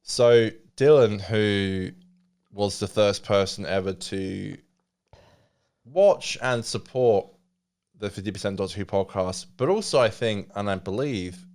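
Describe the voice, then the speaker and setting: A young man with an English accent, chatting on a casual podcast. His voice sits a little low. He tells stories in lively bursts, full of quoted back-and-forth. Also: a little slow. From England. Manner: animated storyteller, quotes people in bursts. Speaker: podcast co-host. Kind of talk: casual chat.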